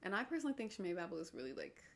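Rapid-fire and lowish, with big pitch swings, a young woman runs her own solo podcast. She strays off topic in self-deprecating digressions, regularly dropping into a whisper.

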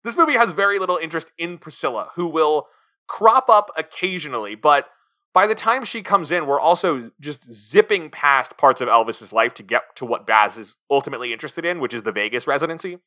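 Bright, animated man reviewing a film. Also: a little high, brisk. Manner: animated, quotes scenes in put-on voices. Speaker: podcast co-host. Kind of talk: casual film review chat.

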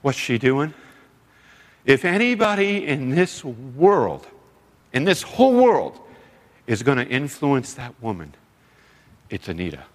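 A man's voice: medium pitch, big pitch swings, slow, long pauses. A middle-aged man, a former youth pastor, tells heartfelt stories at a men's seminar and acts out other people's lines. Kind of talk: storytelling sermon. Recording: long reverb of a large hall.

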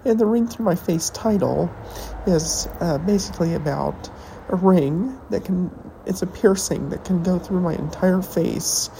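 A woman hosting a podcast, talking in a rambling, halting personal monologue while tearful and emotional. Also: on the low side, creaky, mellow, a little hiss or hum, rough recording. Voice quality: halting, hesitant delivery with pauses. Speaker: podcast host.

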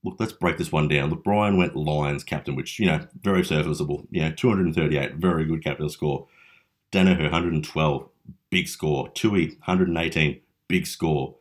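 A man's voice: a bass voice, normal speed. A young Australian man hosting a casual fantasy league recap, chatty and teasing with mock-dramatic flair. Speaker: fantasy league podcast host.

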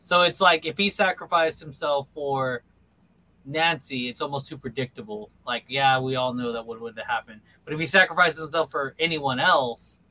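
A man co-hosting a podcast in casual chat, rambling and animated as he retells scenes. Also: medium pitch, normal speed, rough recording. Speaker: podcast co-host.

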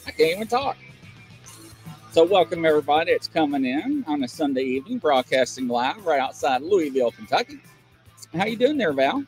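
Chatty man hosting a live show, lively pitch. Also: brisk, faint music behind. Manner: rambling, chatty storyteller with many fillers and restarts. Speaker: host of a live call-in show. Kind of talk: casual live-stream chat.

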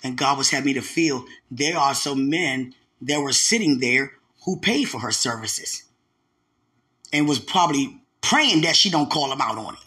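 A woman's voice: rumbling low, lively intonation, moderate pace, pushed and bright. A woman giving a casual spoken testimony as a church member, telling stories animatedly and turning to the listener with preachy asides.

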